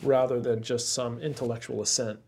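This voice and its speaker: A man's voice: mid-range voice, moderate pace. A man co-hosting a casual chat, telling stories animatedly and calling his friend bro. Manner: animated storyteller, says bro and crazy. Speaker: co-host.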